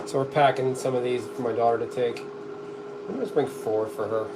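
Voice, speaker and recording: A man's voice: mid-range voice, steady tone, brisk. A middle-aged man chatting casually to the camera while he cooks, reading out comments with a dry, joking manner. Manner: dry, joking, talks to the camera while working, coughs often. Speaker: streamer cooking on camera. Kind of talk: casual live-stream chat reading comments. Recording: clear background noise behind the voice.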